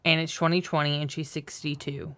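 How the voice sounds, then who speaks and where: A woman's voice: sits low, level tone, fairly quick, bright, forceful tone. A woman co-hosting a comedy podcast, chatting casually and bluntly with jokes. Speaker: podcast co-host.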